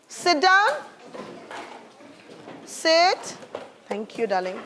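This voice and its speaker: A woman teaching a primary school science lesson in a classroom. Her voice sits high and she keeps the children on task, praising them warmly and calling them darling. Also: expressive, moderate pace. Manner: encouraging, calls pupils darling.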